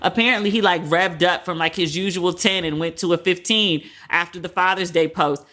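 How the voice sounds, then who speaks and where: A woman's voice: lowish voice, fairly even intonation, moderate pace, sharp tone. A woman hosting a podcast, giving frank, profane pop-culture commentary and retelling what others said in casual quoted asides. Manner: candid and profane, heavy use of "like". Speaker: podcast host.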